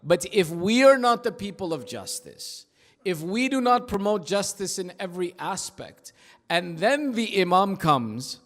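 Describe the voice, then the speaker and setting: A male preacher giving an emphatic, rhythmic sermon at an Islamic center, telling stories and dropping into hushed asides. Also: sits high, expressive, unhurried. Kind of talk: sermon with storytelling. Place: large prayer hall of an Islamic center. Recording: long hall reverb.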